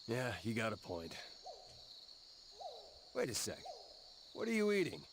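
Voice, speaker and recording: A man voicing a brash, gruff teenage delinquent boy who curses and flares up fast, in video game dialogue. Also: medium pitch, huge pitch swings, noisy background. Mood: annoyed. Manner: gruff, cursing, quick to anger. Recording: game dialogue over loud music. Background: game music.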